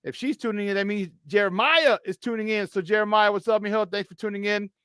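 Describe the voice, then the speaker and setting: Male sports-radio host with a high pitch and a jokey, animated, laugh-prone delivery, on a dry close studio mic. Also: fast talker, clear, resonant tone, no room sound. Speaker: sports talk show host. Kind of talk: casual sports talk.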